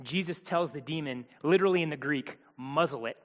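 A man's voice: on the high side, a little fast, a bit bright, big-room sound. A man preaching a sermon from a church stage, conversational and explanatory, with joking asides. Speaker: pastor.

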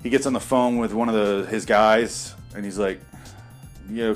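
A man's voice: lowish voice, normal speed, gravelly. Man riffing on a film, sarcastic and foul-mouthed, with faint music in the background. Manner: sarcastic, profane, rambling. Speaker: movie commentator. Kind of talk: casual movie commentary.

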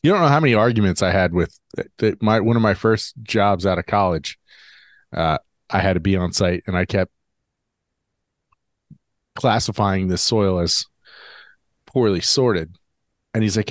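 Low-voiced man telling a lively story. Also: normal speed, long pauses, no room sound, studio quality. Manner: animated storyteller, acts out both sides of arguments. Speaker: podcast co-host. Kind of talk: casual chat.

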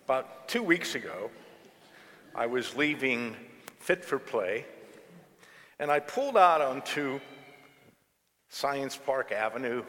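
A man's voice: medium pitch, a bit bright. A man who is a pastor, giving a conversational, storytelling sermon in a church. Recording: long church reverb.

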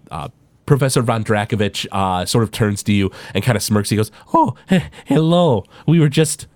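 A man's voice: fairly low pitch, a little mellow, no room sound. A man running a tabletop game as game master, narrating with many hesitant fillers.

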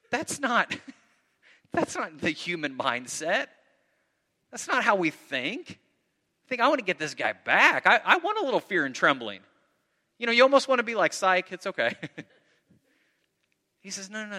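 A man preaching a sermon as pastor, telling a story with lively, acted-out quoted voices. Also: fairly high pitch. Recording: long reverb of a large hall.

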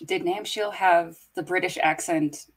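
A woman's voice: fairly low pitch, unhurried, slightly rough. A woman in casual podcast chat, curious and full of questions.

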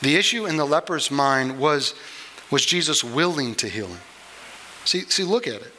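A man preaching a sermon, earnest and unhurried, with small restarts as he explains a Bible passage. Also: a little high, expressive, sharp tone, slight background noise, poor audio. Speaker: pastor.

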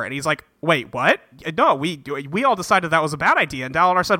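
A man with a bright, high voice talks his way through a book's plot in an animated, bouncing delivery. He slips into quick voices for the characters as he goes. The sound is close and dry, with no room around it. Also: dry recording. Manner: retells the plot with crude jokey voices for the characters. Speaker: podcast co-host. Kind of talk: casual book-club recap.

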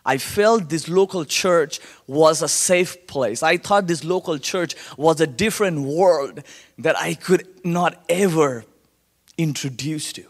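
A young man from India with an Indian accent, sharing his testimony to a church congregation as an animated storyteller who acts out the voices of people he quotes. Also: fairly high pitch, slow pace. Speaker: guest speaker sharing testimony. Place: church sanctuary. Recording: long hall reverb.

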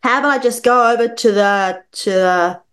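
A woman putting on a drunk middle-aged man at a school dinner. He booms loud and flat in a raised voice and stumbles over words as he hunts for them. His delivery is slow and heavy. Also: natural voice. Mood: drunken boastful. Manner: loud, flat, faltering, slurring.

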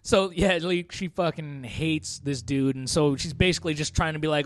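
Chatty man with a high voice. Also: normal speed. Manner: laughing often, rambling with fillers. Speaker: podcast co-host. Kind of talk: casual chat, recapping a movie.

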